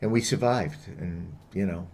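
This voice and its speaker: A man's voice: deep voice, a little slow, gravelly, background noise. A man co-hosting a political podcast in casual chat, dropping wry, joking asides. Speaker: podcast co-host.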